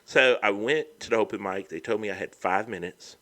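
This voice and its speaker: A man's voice: on the low side, fairly quick. A middle-aged man, a comedian guest telling stories in a casual chat. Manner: animated, lively storyteller.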